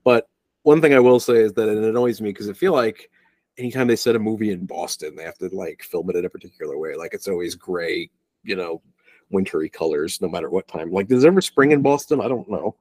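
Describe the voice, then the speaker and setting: In a fairly low, darkish voice at a fairly quick clip, with no echo, this young podcast co-host talks loosely about a movie. His film-review chat wanders, with restarted sentences and the occasional curse.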